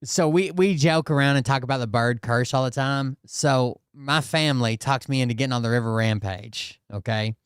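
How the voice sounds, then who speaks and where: A man hosting a casual talk show, telling a story in a profane, animated, exasperated way. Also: mid-range voice, moderate pace, hardly any pauses, clean tone, no echo, studio quality. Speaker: host.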